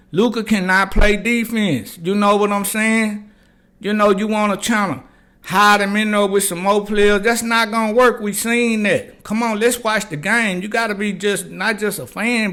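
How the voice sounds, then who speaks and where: A man's voice: a little high, a bit bright. An older man hosting a casual sports talk show, rambling loosely in slang and repeating "man" and "you know what I'm saying.". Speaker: podcast host. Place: garage.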